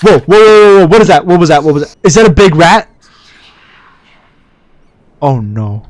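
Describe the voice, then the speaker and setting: A man giving excitable let's-play commentary, yelping and shouting at scares and muttering quietly to himself in between. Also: a little high, normal speed, no room sound. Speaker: gamer.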